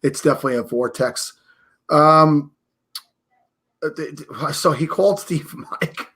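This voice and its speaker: Bright-voiced joking podcast host. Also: male voice, a little high, measured pace, breathy edge. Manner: relaxed, joking banter. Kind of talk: casual chat.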